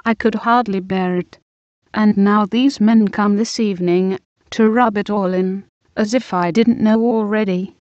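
A woman voicing a defiant, bitter young wife, reading slowly and evenly in a dull, dry recording. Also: medium pitch, fairly even intonation, darkish tone, no room sound, lightly acted.

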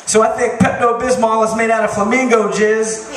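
Profane deadpan stand-up man, high voice. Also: a little fast, very noisy. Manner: deadpan one-liners, profane. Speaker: stand-up comedian. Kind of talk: stand-up comedy set. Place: bar stage with crowd. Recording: roomy distant bar recording with crowd. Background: audience laughter.

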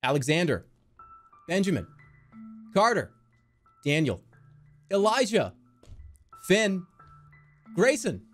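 Male streamer, 30s, high voice with big swings, goofy and profane. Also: wildly swooping pitch, slow, long pauses, soft background music. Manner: playful, swearing, laughing, goofy voices. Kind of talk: live-stream gameplay commentary.

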